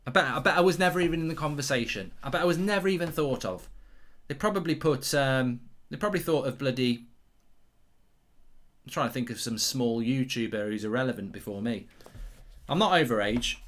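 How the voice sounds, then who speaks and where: A man's voice: mid-range voice, brisk, a bit bright. A man hosting a football watchalong live stream, rambling and sarcastic, with bursts of swearing and singing along. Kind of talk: casual live-stream chat.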